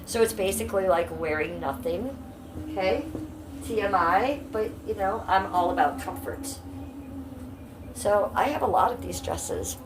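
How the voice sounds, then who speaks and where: A woman's voice: mid-range voice, expressive, measured pace, background noise. A woman from Ohio streaming live from home, chatting with her viewers in a blunt, brash, profane way. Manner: chatty, talks straight to chat. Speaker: livestreamer. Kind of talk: casual livestream chat with viewers.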